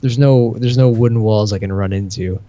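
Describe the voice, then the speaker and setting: A man's voice: fairly low pitch, brisk, dark tone, no room sound, dull audio. Rambling, swearing podcast co-host man. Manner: rambling storyteller, swears freely, acts out quoted dialogue. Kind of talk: casual podcast chat.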